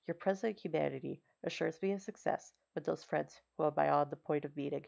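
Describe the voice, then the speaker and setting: A woman's voice: low voice, fairly quick, creaky, a little mellow. A woman reading the lines of a lonely male creature built by man, in an earnest, formal and imploring manner. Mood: pleading. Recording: slightly dull recording.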